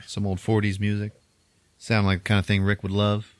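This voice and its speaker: A man's voice: lowish voice, completely flat delivery, a little fast, smooth, no room sound. A man hosting a podcast who recaps a movie in casual chat, laughing often and acting out quotes from the film. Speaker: podcast host.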